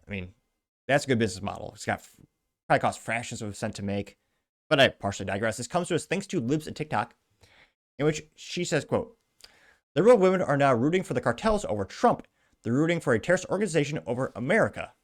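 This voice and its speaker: A man hosting a commentary podcast, reading out news and comments with sarcastic, wry asides. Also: mid-range voice. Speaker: podcast host.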